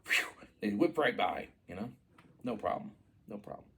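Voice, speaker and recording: A man's voice: lowish voice, animated, moderate pace, bright, forceful tone. A man rambling through an improvised children's story, full of "you know" and "uh".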